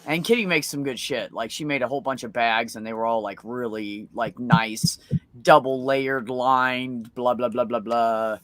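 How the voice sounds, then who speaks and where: A woman's voice: a bass voice, moderate pace, no room sound. A woman hosting a casual stream chat and telling rowdy, profane stories from her childhood. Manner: profane, animated storyteller. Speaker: stream host.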